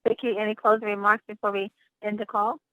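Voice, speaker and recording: Male call host, high-pitched, brisk, phone-line sound. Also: flat delivery, dry recording. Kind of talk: hosting a conference call.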